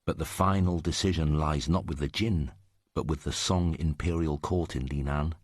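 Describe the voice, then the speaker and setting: A man's voice: a bass voice, fairly even intonation, moderate pace, breathy edge, no room sound, studio quality. A man voicing Old Zhang, an old male wandering storyteller who declaims sorrowful tales and half-sung sayings. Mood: grave.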